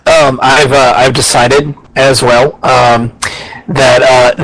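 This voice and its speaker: A man's voice: mid-range voice, flat delivery, slow, a bit bright, dry recording, rough recording. A man co-hosting a casual podcast, rambling and opinionated, swearing freely and restarting his sentences often. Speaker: podcast co-host. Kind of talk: casual wrestling podcast chat.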